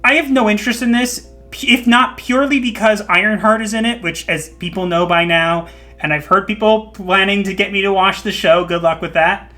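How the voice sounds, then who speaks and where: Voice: medium pitch, steady tone, fairly quick, pushed and bright. A podcast host chatting casually, opinionated and laughing often. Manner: opinionated, laughs often, jokey put-on voices. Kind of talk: casual chat.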